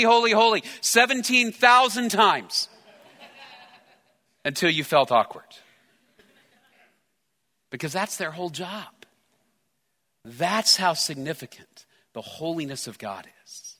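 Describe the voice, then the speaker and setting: Brief: male pastor, bright slightly high voice, earnest sermon delivery, long church reverb. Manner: earnest preaching, slows and softens on scripture. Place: church sanctuary.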